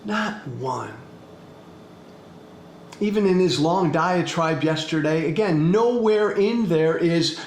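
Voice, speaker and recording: A male podcast host delivers a political monologue in a slightly high voice, drawing out each word slowly and driving his point home through repetition. His blunt, profane delivery carries a faint hiss and an echo from the room. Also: lively intonation, darkish tone. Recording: echoey room with faint background noise.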